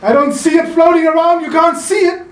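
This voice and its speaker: A man preaching a sermon in a chapel, animated and playful, calling on the congregation to answer him. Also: extremely high pitch, brisk, noisy background. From South Africa. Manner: animated, playful, calls for audience response. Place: chapel in the mountains. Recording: echoey chapel, voice from a distance.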